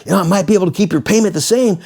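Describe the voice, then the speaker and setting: A man's voice: sits high, racing, darkish tone, pitched above the performer's own voice. A man imitating an eager male car salesman with chummy, salesy patter.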